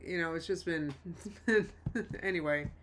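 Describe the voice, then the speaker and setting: A woman's voice: deep voice, slow pace, a bit bright, slight background noise. A woman hosting a live stream in a rambling, self-interrupting casual chat, often laughing and reading chat messages aloud. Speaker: livestream host.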